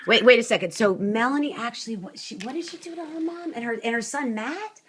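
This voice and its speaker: A woman's voice: on the high side, a little fast, a bit bright. A woman hosting a conversation, interjecting with pointed questions and opinions. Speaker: host. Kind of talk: casual phone conversation.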